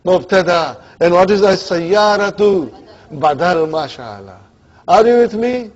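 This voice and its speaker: A man gives a classroom lecture on Arabic grammar in a high-pitched, expressive and unhurried voice. He quizzes students, checks they understand, and mixes in Arabic grammar terms with his English. The sound is a dull lo-fi classroom recording.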